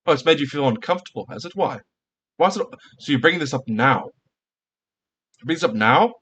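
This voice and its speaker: A man's voice: a little high, lively intonation, fairly quick, fairly bright tone, slightly rough. A male streamer in a casual reaction rant, heated and profane, firing off rhetorical questions at his viewers.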